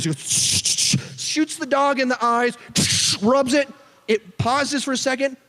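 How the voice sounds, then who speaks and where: Lively high-voiced youth pastor in reverberant hall. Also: male voice, slow. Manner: animated storyteller, jokey asides. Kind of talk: sermon to a student audience. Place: church hall.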